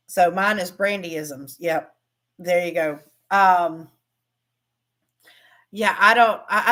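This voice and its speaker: Hosting a relaxed livestream, a craft teacher with a lowish, slightly bright voice chats with viewers about crafting and reads their comments. She laughs a lot and often trails off before starting her sentence over.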